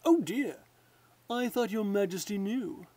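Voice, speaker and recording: A man voicing a scheming courtier lord who talks in a smooth, falsely courteous way. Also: sits high, animated, moderate pace, a little mellow. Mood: sly.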